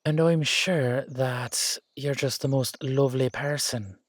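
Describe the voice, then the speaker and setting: A man's voice: mid-range voice, steady tone, slow, dry recording, clean studio sound. A man voicing a wary older Irish uncle, a retired safecracker, with a sly, teasing drawl. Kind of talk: audio drama acting.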